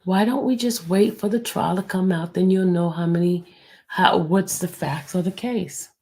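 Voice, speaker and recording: A woman hosting a livestream, speaking low and hushed, near a whisper, and answering her viewers in a blunt, defensive way. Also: steady tone, moderate pace. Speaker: livestream host. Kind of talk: livestream talk answering the chat.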